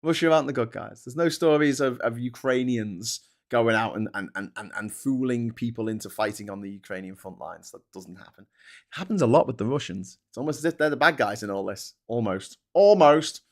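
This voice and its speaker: A man's voice: medium pitch, fairly quick. A man hosting a casual live-stream show, reading out news and commenting with sarcasm, swearing and many restarts. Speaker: host.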